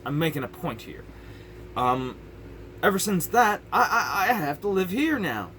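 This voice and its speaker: A man's voice: high voice, big pitch swings, a little slow, sharp tone, slight background noise. A young man ranting frustratedly on his vlog from his parents' house, rambling and restarting his sentences. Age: young adult. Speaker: YouTuber.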